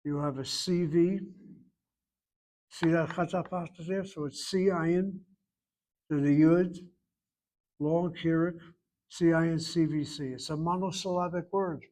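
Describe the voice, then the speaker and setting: A man's voice: fairly high pitch, fairly even intonation, unhurried, long pauses, a little mellow. A man teaching a Hebrew class, emphatic and repetitive, correcting students and thinking aloud over spelling.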